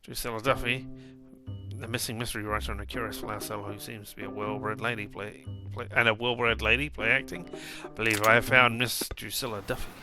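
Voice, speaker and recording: A man's voice: fairly low pitch, little pitch movement, fairly quick. A man casually commenting on a detective game, thinking aloud and reading out options as he plays. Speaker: let's play host. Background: game music.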